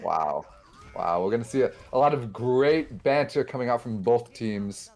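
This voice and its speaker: A man casting a live esports match with quick, excitable play-by-play and frequent restarts. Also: medium pitch. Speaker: esports caster.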